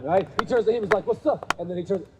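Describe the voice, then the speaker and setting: A high-voiced man talks rapid-fire to a live audience at a men's gathering in an event venue, with background noise present. He tells stories conversationally, acting out the people in them and often tossing in "right?" The sound carries a hall's long reverb.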